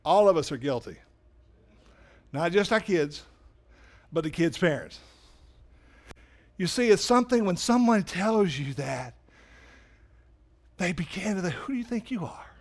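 A man preaching a sermon in a church, animated, swinging from loud emphasis to quiet asides. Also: measured pace, pauses often. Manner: animated preaching, rises loud for emphasis then drops low. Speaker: pastor. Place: church sanctuary.

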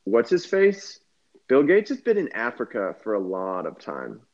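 A man's voice: mid-range voice, huge pitch swings, a little slow, a little mellow. Goofy guy cracking absurd jokes, voice bouncing all over, muffled audio. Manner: playful, absurd joking. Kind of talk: casual comedic chat.

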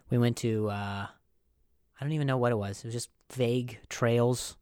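A man's voice: mid-range voice, steady tone, normal speed, darkish tone, clear, resonant tone, dry recording, studio quality. A man hosting a podcast who rambles through a comic story with lots of fillers and mocks himself. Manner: rambling, filler-heavy, self-mocking. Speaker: podcast host. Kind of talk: comedic storytelling.

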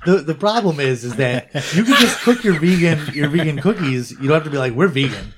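A man's voice: a little high, lively intonation, a little fast. Joking profane man, faint hiss behind. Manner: joking, profane, laughs often. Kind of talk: casual podcast chat.

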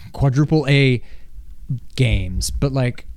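A man's voice: medium pitch, expressive, drawn-out words, darkish tone, dry recording. A man co-hosting a casual gaming chat, rambling and loose, acting out his own reactions. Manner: loose, rambling, filler-heavy with acted-out reactions.

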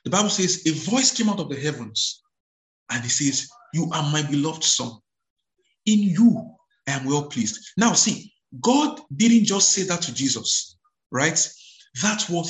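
A male preacher with a voice a little higher than most men's. He is recorded in an echoey room. He keeps repeating and restarting his phrases, breaks in with hallelujahs, and slows down to read scripture with emphasis. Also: a bit bright. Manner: repeats words, stumbles and restarts, exclaims hallelujah; reads scripture aloud slowly and with emphasis. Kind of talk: sermon.

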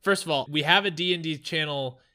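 A man co-hosting a podcast, telling stories in a casual, animated way with laughs. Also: a little high, a little fast, clear, resonant tone. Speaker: podcast co-host. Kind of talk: casual chat.

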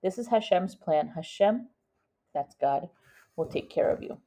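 A firm, hushed mother, read by a woman. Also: lowish voice, lively intonation, measured pace. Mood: urgent, tender. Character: stern loving mother of a girl, anxious. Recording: dull lo-fi recording.

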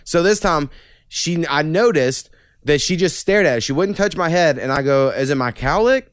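Profane young man, crisp and dry. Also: on the high side, moderate pace, no echo. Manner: profane, rambling storytelling. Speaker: podcast host. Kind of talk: casual podcast chat.

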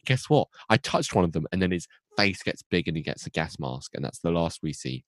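Brief: young podcast guy, low voice with a big swooping range, goofy rambling recap, dry close sound. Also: very animated, a little fast, hardly any pauses, no room sound. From United Kingdom. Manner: rambling, self-interrupting, acts out characters in goofy voices. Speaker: podcast co-host recapping an episode. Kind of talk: casual comic recap.

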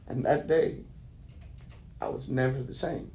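A man's voice: mid-range voice, a little slow, warm tone, slight background noise. A man preacher telling his conversion testimony as a sermon, emotional storytelling that acts out the voices he heard. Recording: roomy echo.

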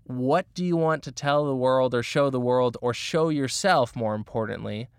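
A man's voice: medium pitch, moderate pace, clear, resonant tone, no room sound, clean studio sound. Earnest man giving motivational advice. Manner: earnest, encouraging, with frequent fillers. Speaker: motivational speaker. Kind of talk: casual motivational monologue.

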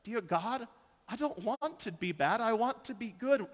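A man's voice: very high-pitched, expressive, measured pace, voice pushed up, exaggerated voice. A man voicing a tearful five-year-old girl with a pleading, broken way of talking. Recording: church hall with long reverb.

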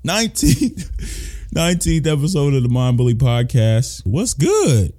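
A high-energy male podcast host whose pitch jumps all over the place. His talk is casual and playful, full of hype and excitement. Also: normal speed.

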